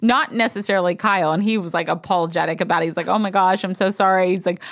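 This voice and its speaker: A woman co-hosting a podcast, chatting casually and telling a story with animated quoted asides. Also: lowish voice, quick pace. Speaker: podcast co-host. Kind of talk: casual chat.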